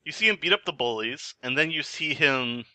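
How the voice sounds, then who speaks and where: Podcast co-host: a man, very bright and animated voice, blunt and cursing freely. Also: a little high, fairly quick, no room sound. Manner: blunt, profane. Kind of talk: casual movie discussion.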